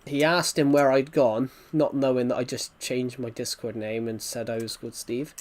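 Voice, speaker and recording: A man's voice: medium pitch, fairly even intonation, moderate pace. Rambling man telling a story. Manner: rambling storytelling, many restarts. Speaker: gaming streamer. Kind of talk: casual chat while gaming.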